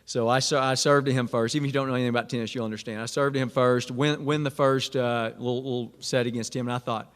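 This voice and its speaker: A man's voice: medium pitch, steady tone, fast, few pauses, smooth. A man, casually telling a self-deprecating personal story to students. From Arkansas. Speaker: speaker at a Catholic student event. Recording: long hall reverb.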